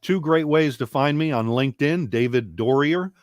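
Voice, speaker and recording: Measured male guest speaker, dry sound. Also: a little high, no echo. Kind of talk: interview chat.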